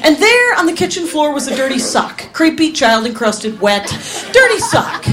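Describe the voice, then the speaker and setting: A woman from Wisconsin doing stand-up comedy, telling animated stories and laughing through her punchlines. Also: high voice, moderate pace. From Wisconsin, USA.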